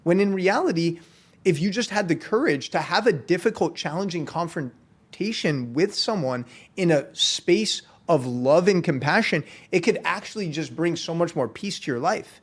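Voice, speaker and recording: A man hosting a podcast, speaking in an earnest, steady way about inner growth. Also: a little high, normal speed, slightly rough. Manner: earnest, steady, spiritual vocabulary. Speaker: podcast host. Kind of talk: reflective podcast conversation.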